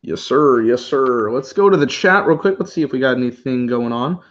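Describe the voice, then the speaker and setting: A man's voice: medium pitch, a little fast, lo-fi sound. A man co-hosting a live football reaction stream, chatting casually and calling plays as they happen. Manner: relaxed, laughs often, calls plays as they happen. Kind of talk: casual live play-by-play chat.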